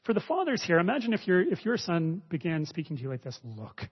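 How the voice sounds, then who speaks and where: A male preacher teaching a sermon, expressive, swinging between raised emphasis and quiet asides. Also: high voice, fast, slightly rough. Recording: dull lo-fi audio with long reverb.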